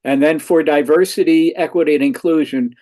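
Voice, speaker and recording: A man giving his community group's update at a meeting as a brisk run through a list of items. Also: a little high, mellow.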